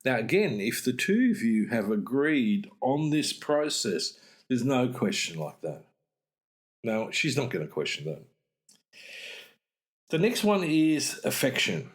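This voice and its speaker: A man's voice: medium pitch, big pitch swings, measured pace. Man giving direct, chatty relationship advice. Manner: direct, conversational, acts out little dialogues. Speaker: relationship coach and podcast host. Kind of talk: casual advice podcast monologue.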